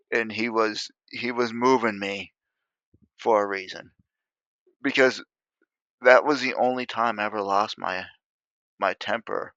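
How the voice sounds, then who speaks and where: A man in his fifties, an Army veteran guest, telling war stories in a casual, animated and profane way. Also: lowish voice, no room sound. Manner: animated, profane, laughs often. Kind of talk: casual storytelling in an interview. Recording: dry, dull lo-fi sound.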